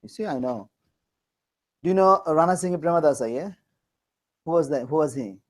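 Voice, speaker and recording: A man's voice: fairly high pitch, animated, brisk, poor audio. A man from Bangladesh teaching a class, teasing and joking as he quizzes his students. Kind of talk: classroom lecture.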